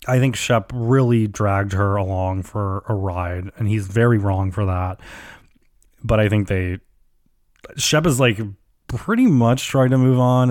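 A man's voice: on the low side, darkish tone, dry recording, studio quality. A man hosting a podcast, recapping a reality show in casual chat, gossipy and swearing, acting out quotes with lots of fillers. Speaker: podcast host.

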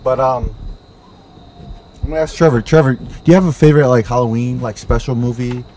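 A man's voice: mid-range voice, fairly even intonation, a little fast, darkish tone, a little hiss or hum, low-quality recording. A man co-hosting a casual podcast chat who asks lots of questions and turns defensive. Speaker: podcast co-host.

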